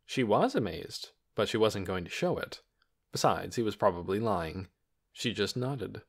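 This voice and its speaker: A man's voice: fairly low pitch, lively intonation, a little slow. Man narrating a children's novel. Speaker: audiobook narrator. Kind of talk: scripted narration.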